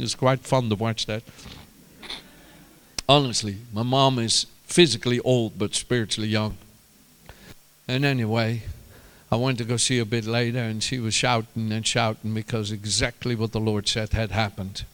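A man preaching a sermon, telling stories with bursts of loud, rising emphasis and quieter asides. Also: lowish voice, normal speed, smooth. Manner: animated storytelling, rises to shouts and drops to quiet asides.

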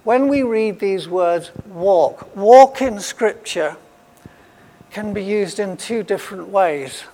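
A man's voice: high-pitched, slow, mellow. A man preaching a sermon, emphatic and repeating his key phrases for weight. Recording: long hall reverb.

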